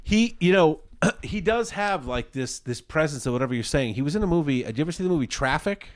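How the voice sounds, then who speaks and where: A man's voice: a little high, animated, brisk. A man co-hosting a casual podcast, laid back and profane, recounting movie scenes. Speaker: podcast co-host. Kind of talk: casual chat.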